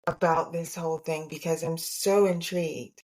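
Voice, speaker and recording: A woman's voice: sits low, steady tone, normal speed, a little mellow. A woman hosting a casual interview, asking questions in a searching, curious way. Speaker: podcast host.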